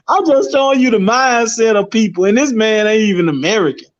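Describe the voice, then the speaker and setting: A man talking as a guest in casual chat, rambling and emphatic, swearing freely. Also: sits high. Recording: dull lo-fi recording.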